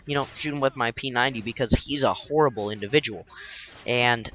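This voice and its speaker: A man's voice: medium pitch, fast, fairly bright tone. A young man casually narrating his gameplay as a tutorial, rambling and jokey, acting out enemies in silly voices.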